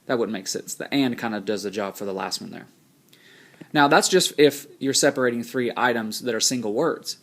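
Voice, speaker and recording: A man teaching a recorded grammar lesson, explaining rules plainly and slowing down to read example sentences aloud. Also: mid-range voice, a bit bright.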